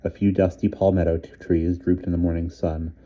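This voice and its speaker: A man reading a novel aloud in a measured, even narration. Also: low voice, dull audio. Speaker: audiobook reader. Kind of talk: scripted narration.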